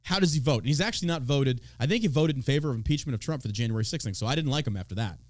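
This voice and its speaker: A man's voice: mid-range voice, lively intonation, very fast, no echo. A man from Texas hosting a podcast, ranting about politics in a mocking, profane way and swearing freely. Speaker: podcast host.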